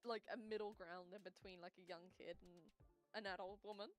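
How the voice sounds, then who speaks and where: A woman's voice: mid-range voice, steady tone, normal speed. A young woman in her twenties chatting casually on a game development livestream, rambling and giggling through stories, her voice between a girl's and a grown woman's. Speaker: livestream co-host. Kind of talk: casual chat on a game dev stream.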